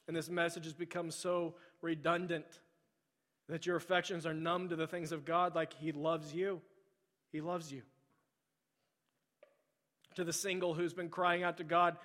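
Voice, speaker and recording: A man who sounds like a middle-aged pastor preaches a sermon in a large church sanctuary, his voice a little high for a man and trailing into long reverb. His delivery is flat and at normal speed as he shifts from storytelling into soft, pleading repetition directed at the congregation.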